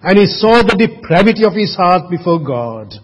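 A man preaching a sermon, asking the congregation questions and dropping his voice to a hush for emphasis. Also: high voice, very animated, moderate pace, in a large hall, highs cut off. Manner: rhetorical questions, sudden drops to a hush. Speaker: pastor.

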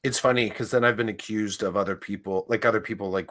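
A man with a fairly low yet bright, energetic voice talks casually about his teaching. He makes his points with emphasis as he describes how he deals with his students. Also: fast. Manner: emphatic, shares his own approach to students. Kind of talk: casual conversation.

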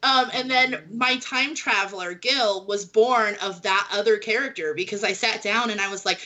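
A woman's voice: medium pitch, normal speed, hardly any pauses, bright, forceful tone, rough recording. An American woman, a romance author and speech teacher, chatting on a panel and laughing often as she quotes people. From United States. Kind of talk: casual panel chat.

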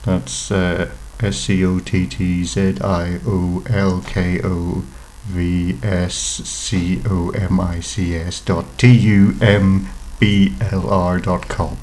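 Guy with a lowish voice cohosting a podcast, dry jokey banter, faint music behind. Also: level tone, slow pace, hardly any pauses, darkish tone, low-quality recording. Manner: dry, teasing humour. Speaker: podcast co-host. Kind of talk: casual chat.

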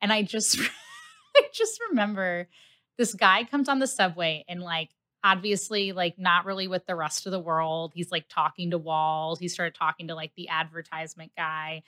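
A woman's voice: on the low side, fairly even intonation, moderate pace, pushed and bright, no room sound. A woman in her late twenties hosting a casual interview podcast, telling stories with lots of "like" fillers and a bit of swearing. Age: late 20s. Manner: chatty storyteller, many "like" fillers, swears freely. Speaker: podcast host.

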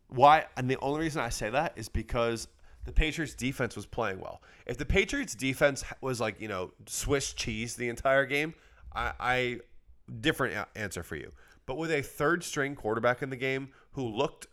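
A man co-hosting a casual sports podcast, talking through a game in a relaxed, conversational way with frequent small laughs. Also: mid-range voice, normal speed. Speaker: podcast co-host.

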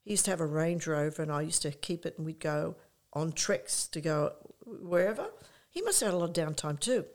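An older woman, a guest in an interview who tells lively stories, acts out her own past thoughts and often says "you know". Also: low voice, a little fast. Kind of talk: conversational anecdote.

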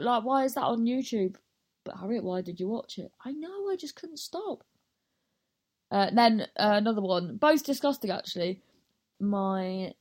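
A woman's voice: mid-range voice, darkish tone. A young woman, a stand-up comedian, telling stories in a scattered, self-interrupting way and swearing casually. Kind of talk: rambling casual monologue.

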